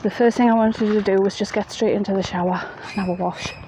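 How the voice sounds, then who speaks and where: A woman's voice: medium pitch, steady tone, quick pace, warm tone, low-quality recording. A woman telling a ghost story in a chatty, plain-spoken way, outdoors at night in the rain. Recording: faint rain noise behind.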